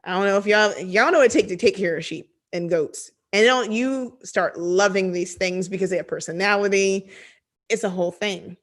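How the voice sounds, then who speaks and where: A woman leads a conversational Bible study, reading scripture aloud and then explaining it with animated, chatty asides. Her voice is medium in pitch, and she speaks at a normal speed.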